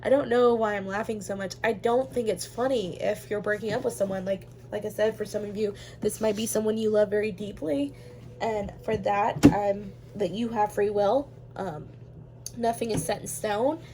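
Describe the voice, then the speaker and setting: A woman's voice: medium pitch, steady tone, moderate pace, mellow, a little hiss or hum. A woman giving a casual pick-a-card tarot reading, chatty and rambling, with lots of ums and easy laughter. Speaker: tarot reader.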